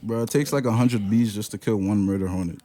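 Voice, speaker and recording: A man's voice: on the low side, quick pace, mellow, no echo. Blunt New York man, casual chat. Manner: blunt, contrarian remarks.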